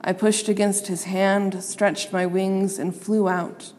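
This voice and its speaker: Slow expressive woman reading a storybook. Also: medium pitch, big-room sound. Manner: expressive, playing up sound words.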